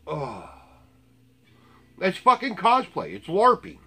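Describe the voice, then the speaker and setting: A man's voice: mid-range voice, lively intonation, a little slow, sharp tone. A man ranting in blunt, profane, sarcastic commentary to his viewers. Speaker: vlogger.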